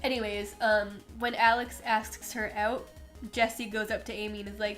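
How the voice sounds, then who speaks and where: A woman's voice: medium pitch, flat delivery, moderate pace, fairly bright tone, faint music behind. A young woman co-hosting a podcast in casual chat, sarcastic and chatty, acting out scenes in mock voices and laughing often. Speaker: podcast co-host.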